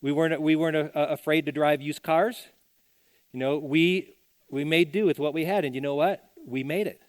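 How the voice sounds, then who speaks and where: A man's voice: a little high, fairly even intonation, moderate pace, no room sound. Conversational preaching man, dry sound. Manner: conversational preaching, acts out quoted voices, repeats phrases. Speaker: senior pastor. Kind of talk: sermon. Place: church.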